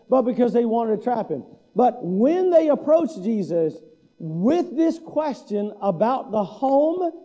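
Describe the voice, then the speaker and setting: High-voiced preaching man, dark tone. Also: highs cut off. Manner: conversational, self-deprecating preaching. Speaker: pastor. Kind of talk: sermon.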